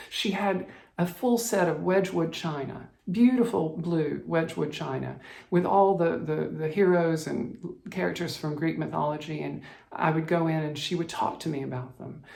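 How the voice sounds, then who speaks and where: With a fairly high, slightly mellow voice edged with vocal fry, a Southern American cross-stitch vlogger tells a story from his childhood. The sound is roomy, and he grows emotional and choked up as he wanders and restarts through his reflections.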